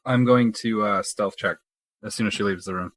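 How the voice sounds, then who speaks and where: A man's voice: lowish voice, normal speed, dry recording. A man playing a tabletop game, bantering casually, swearing and joking. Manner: profane, joking. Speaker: player.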